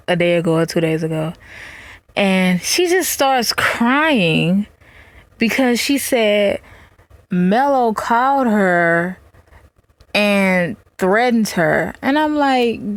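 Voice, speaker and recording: A woman's voice: mid-range voice, no echo. Woman, reaction vlogger, blunt, mocking, dry close sound. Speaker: commentary vlogger. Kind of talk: casual reaction commentary.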